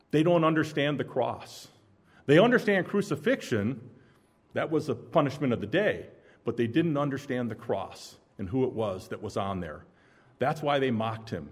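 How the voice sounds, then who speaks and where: A man preaching a sermon, dramatic, swinging between loud emphasis and hushed intensity. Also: medium pitch, big pitch swings, unhurried, slightly rough.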